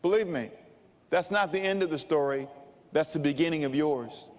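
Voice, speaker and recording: An older male pastor preaching a sermon, telling stories slowly and dramatically. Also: on the high side. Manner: slow, dramatic preaching with storytelling. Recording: long reverb of a large hall.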